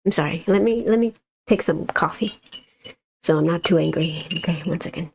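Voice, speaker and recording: Gravelly-voiced woman ranting about stocks. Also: fairly low pitch, moderate pace, a little mellow, slight background noise. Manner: exasperated, ranting, blunt. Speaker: stock market livestream host. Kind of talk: casual livestream commentary.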